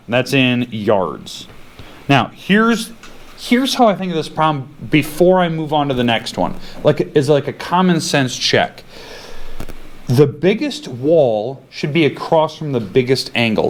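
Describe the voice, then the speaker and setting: Casual man teaching a math class. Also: medium pitch. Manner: casual, laughs easily, thinks aloud.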